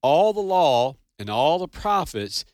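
A man's voice: a little high, very animated, measured pace, darkish tone, no echo. Man, radio co-host, preachy yet jokey, dry close sound. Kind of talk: casual commentary.

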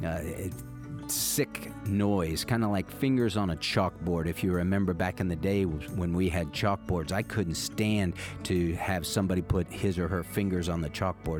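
An older man, a pastor and radio host, preaching emphatically with repeated rhetorical questions on a close studio mic. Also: deep voice. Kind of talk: radio sermon.

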